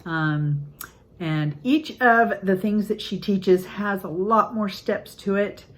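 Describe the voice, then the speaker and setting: An older woman, a grandmother, giving an earnest, upbeat casual talk on parenting, acting out quotes in lively voices. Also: mid-range voice, takes it slowly, poor audio. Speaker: parenting channel host.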